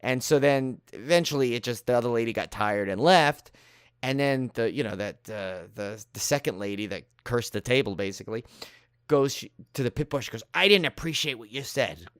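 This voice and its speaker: A man co-hosting a podcast recounts an anecdote in a brisk, smooth, medium-pitched voice, bringing the people in it to life by acting them out during casual conversation. The studio sound is clean and free of room sound.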